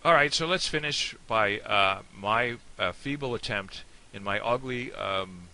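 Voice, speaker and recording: A man's voice: fairly low pitch, measured pace, bright, forceful tone. Chatty American man teaching a toast. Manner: chatty, rambling, self-deprecating, with many fillers. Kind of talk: casual screen-share lesson. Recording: faint hiss.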